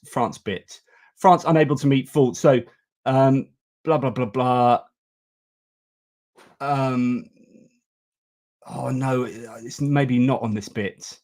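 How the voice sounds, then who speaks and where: A man's voice: medium pitch, darkish tone. A man hosting a live news stream, talking casually and with strong opinions, with many fillers and restarts.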